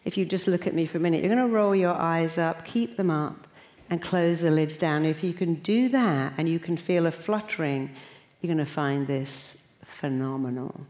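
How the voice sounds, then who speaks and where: Emphatic lower-voiced woman therapist. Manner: animated and emphatic, soft and slow when guiding. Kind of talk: explaining her method, then guiding a meditation.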